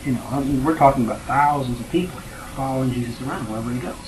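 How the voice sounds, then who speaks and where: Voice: medium pitch, racing, background noise. A Bible class teacher leading a study, who reads scripture, retells it in everyday words and keeps checking in with the class.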